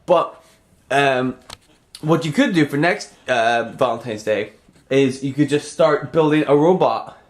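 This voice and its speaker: Rambling deadpan man, sarcastic. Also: medium pitch, unhurried. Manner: rambling, sarcastic, trails off into mumbles. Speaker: comedy vlogger. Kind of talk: rambling deadpan comedy monologue.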